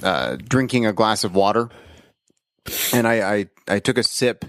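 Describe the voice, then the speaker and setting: A man's voice: on the low side, expressive, unhurried, no echo, studio quality. A man hosting a podcast in casual chat, with the hiccups, rambling with lots of ums and uhs. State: has the hiccups. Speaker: podcast host.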